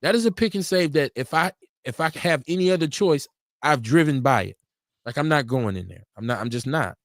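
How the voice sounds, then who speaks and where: On a casual live radio talk show, a male host with a somewhat high voice tells stories at a slightly fast clip, laughing a lot and acting out what people said. The studio mic for the live stream gives a clean, dry sound.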